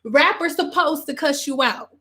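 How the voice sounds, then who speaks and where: A woman talks candidly to her livestream audience in an animated, unscripted way. Her voice sits a little high, and she slips into quoted voices now and then. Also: normal speed. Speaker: hairstylist and online host. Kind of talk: casual livestream talk.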